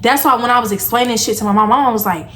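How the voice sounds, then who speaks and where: A young adult woman vlogger casually retelling a story, animated and slangy, acting out the lines of the people in it. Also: fairly high pitch, racing, slight background noise.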